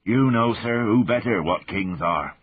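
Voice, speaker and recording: A man's voice: on the low side, animated, a little slow, a little hiss or hum, pitched above the performer's own voice. A man voicing a big, wary soldier turned spy who speaks deferentially, calling his listener sir and my lord, in an audiobook reading. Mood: placating. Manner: respectful, placating, addresses listener as sir and lord. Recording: phone-like narrow band.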